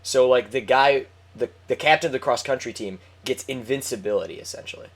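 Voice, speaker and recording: A man's voice: mid-range voice, fairly quick. A man chatting casually with a friend, rambling and swearing with lots of fillers. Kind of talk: casual chat.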